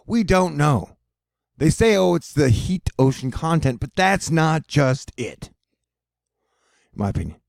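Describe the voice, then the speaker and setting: A man with a fairly high, creaky, slightly mellow voice and big pitch swings speaks at a measured pace, with clean studio sound and no echo. Hosting his own weather and space video, he rambles casually over weather maps, swearing, joking, and losing his train of thought.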